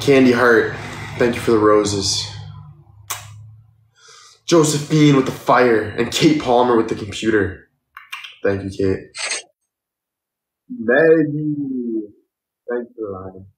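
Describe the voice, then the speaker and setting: A man's voice: mid-range voice, takes it slowly, long pauses, reverberant. A young man in his twenties, chatting casually on a live stream and thanking viewers for gifts, tired and sore. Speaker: livestreamer.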